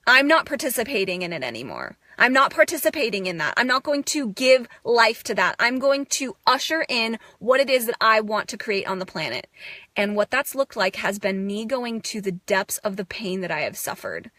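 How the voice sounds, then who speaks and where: A woman's voice: a little high, expressive, moderate pace, bright, forceful tone, no echo, studio quality. A young woman giving a raw, emotional self-help monologue, intense and swearing, breaking into bursts of laughter. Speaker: spiritual speaker.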